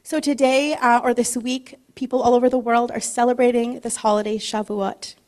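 A middle-aged woman giving a casual, chatty sermon, joking at her own expense and reading scripture slowly. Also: fairly high pitch, flat delivery, darkish tone. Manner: chatty and self-deprecating, laughs often, reads scripture slowly. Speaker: preacher.

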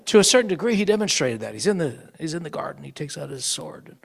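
Animated high-voiced male preacher. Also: fast talker, vocal fry, breathy edge. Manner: animated storytelling, acting out quoted voices. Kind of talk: sermon.

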